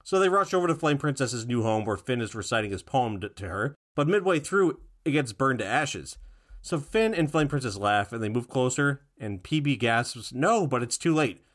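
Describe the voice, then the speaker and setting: A man casually recapping a cartoon episode with a co-host, retelling the plot in a relaxed way. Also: mid-range voice, normal speed. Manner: relaxed retelling, sings a silly jingle now and then. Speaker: podcast co-host.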